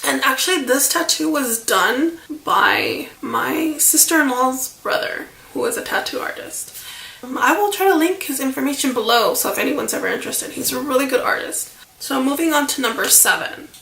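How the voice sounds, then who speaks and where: A woman's voice: sits high, expressive, normal speed, vocal fry, bright, forceful tone, echoey room. A woman vlogger rambling through a casual storytime chat, full of fillers and asides, a little emotional. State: emotional, near tears.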